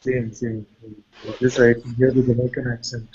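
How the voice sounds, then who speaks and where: A man with an Indian accent, a spiritual teacher giving a satsang talk in a calm, searching way. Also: medium pitch, normal speed, highs cut off. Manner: calm, searching explanations with soft laughs.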